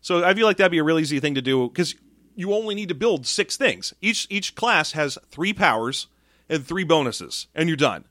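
A young man co-hosting a tabletop gaming podcast, chatting casually with animated, jokey asides. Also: a little high, moderate pace, no room sound, studio quality. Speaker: podcast co-host. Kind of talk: casual chat.

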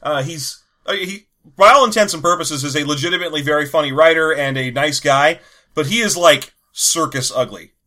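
A man's voice: on the high side, fairly quick, bright, forceful tone. A man co-hosting a podcast, casually recapping film scenes and riffing with a co-host. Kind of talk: casual chat reviewing a film.

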